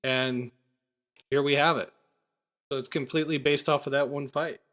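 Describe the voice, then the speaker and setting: A man hosting a podcast, chatting casually about movies with quick asides and restarts. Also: mid-range voice, steady tone, a bit bright. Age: adult parent. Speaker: podcast host.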